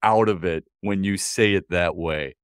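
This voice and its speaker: A man's voice: deep voice, measured pace, clear, resonant tone, dry recording, studio quality. A man co-hosting a sports talk show, talking in an easygoing, conversational way. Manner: easygoing, conversational, repeats words when starting. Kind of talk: casual sports radio chat.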